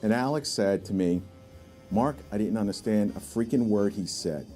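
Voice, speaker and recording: A man's voice: lowish voice, moderate pace, soft background music. A man telling admiring anecdotes about a mentor in a documentary interview. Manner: animated anecdote-teller, admiring. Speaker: artist recalling a mentor.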